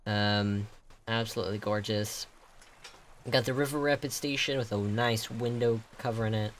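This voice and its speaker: A young man giving casual game commentary as he reviews players' builds, excitable and gasping, with lots of ums and likes. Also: lowish voice, normal speed, slight background noise.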